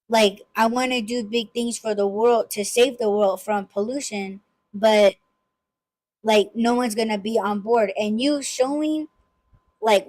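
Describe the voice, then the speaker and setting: A woman's voice: on the high side, steady tone, unhurried, a little mellow, rough recording. A woman hosting a casual podcast chat, talking emphatically with frequent restarts and swearing. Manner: emphatic, swearing freely, many repeated restarts. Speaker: podcast host.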